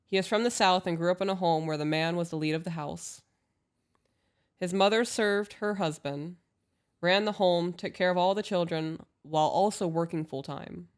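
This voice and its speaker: A woman co-hosting a casual advice podcast, calm and agreeable as she reads listener emails aloud. Her voice sits on the lower side for a woman. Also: normal speed, clean tone. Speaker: podcast co-host.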